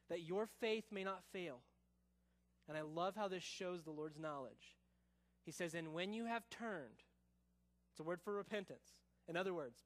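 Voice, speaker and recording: High-voiced man preaching a sermon. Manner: expository preaching, drops to soft low tones for quoted lines; casual asides, says y'all. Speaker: pastor.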